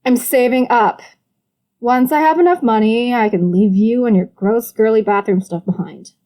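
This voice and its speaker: A woman's voice: on the high side, normal speed, close to an everyday voice. A woman voicing a mocking, irritable older brother. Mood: annoyed. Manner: loud, exasperated retorts. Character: irritable young adult brother, blunt and mocking. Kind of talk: audiobook character voice.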